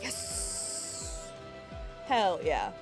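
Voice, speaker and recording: A woman's voice: sits low, huge pitch swings, extremely slow, vocal fry, faint music behind. A young woman streaming live, chatting casually and giggling as she greets her viewers.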